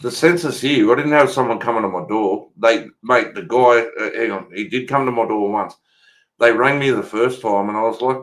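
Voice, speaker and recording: A man's voice: mid-range voice, moderate pace, a bit bright. An Australian man in a loose, profane chat who tells his story bluntly and mocks whoever he quotes. His voice sits in an ordinary middle register. He sounds unbothered and talks freely. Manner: blunt, swears freely, retells calls in a mocking voice.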